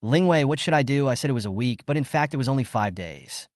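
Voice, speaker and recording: A man's voice: mid-range voice, lively intonation, fast talker, no echo, studio quality, lightly acted. A man voicing a fretful young male coworker explaining a problem.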